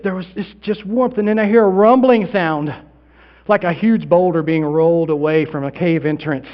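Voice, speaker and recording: A pastor performing a first-person dramatic monologue in a sermon, with long pauses, sinking to a hush and then swelling loud. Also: male voice, sits high, muffled recording. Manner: theatrical storytelling with long pauses, dropping to near-hushed then swelling loud.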